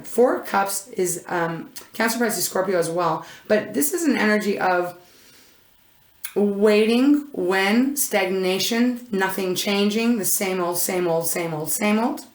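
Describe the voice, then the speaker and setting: A woman's voice: medium pitch, roomy sound. A woman reading tarot in a casual, effusive way, gushing over each card and rambling with frequent restarts. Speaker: intuitive tarot reader.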